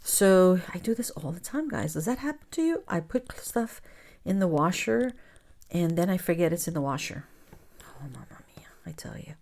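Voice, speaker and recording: A woman's voice: on the low side, animated, moderate pace, a little mellow. A woman hosting a crafting channel, chatting casually to her viewers and telling stories, sometimes dropping into a whisper. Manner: chatty storyteller, calls her viewers "guys", drops to whispers. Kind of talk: casual chat while crafting.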